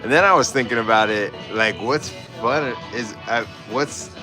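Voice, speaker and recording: A man's voice: mid-range voice, normal speed, music in the background. A man hosting a livestream as an artist, telling a story in a rambling, casual way and laughing often.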